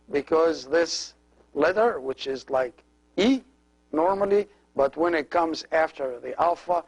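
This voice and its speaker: A middle-aged man, a priest, giving a slow step-by-step language lesson, patiently explaining each letter as he writes it. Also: fairly high pitch, rough recording.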